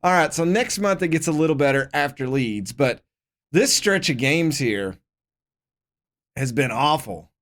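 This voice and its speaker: Here a man with a fairly high, slightly bright voice sounds expressive and unhurried. He's streaming a football management game, casually chatting and voicing the on-screen prompts as he responds to them.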